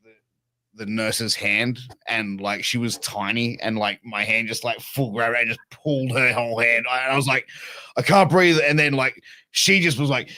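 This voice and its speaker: An Australian man in his thirties, talking casually on a video call. He tells a crude, self-mocking story full of stammered restarts, in a mid-pitched voice with a dry, close sound. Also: level tone, normal speed, sharp tone, no room sound. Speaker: podcast guest. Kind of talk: casual chat. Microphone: remote video call.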